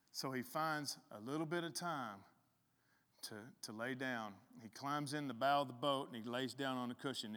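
A middle-aged man preaching a sermon in a relaxed, conversational way, often restarting his sentences. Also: medium pitch. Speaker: pastor. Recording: long reverb in a hall.

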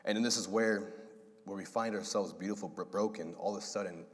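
Man, pastor, sermon, low voice, animated storytelling, long hall reverb. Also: brisk. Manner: animated, acts out voices of God and Adam.

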